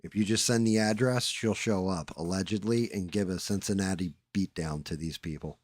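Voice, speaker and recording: A man's voice: low voice, moderate pace, a little mellow, dry recording. A man from the Northeastern United States telling rambling stories in casual chat, full of fillers and swearing. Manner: rambling anecdotes with fillers and profanity.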